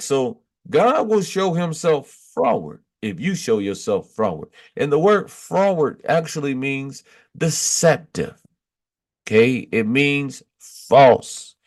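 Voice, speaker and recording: A male preacher delivers an exhortation, reading verses aloud and then unpacking them point by point. His voice sits fairly high and he speaks slowly, pausing often and pressing each point with a questioning "Okay?". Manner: emphatic, repeats points with "Okay?". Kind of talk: exhortation reading and explaining scripture.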